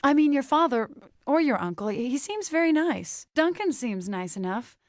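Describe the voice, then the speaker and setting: An actress voicing a stubborn, defensive young farmer woman in a fantasy video game, talking with hesitant pauses. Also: high voice, animated, no echo, studio quality. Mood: warm. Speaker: game companion character.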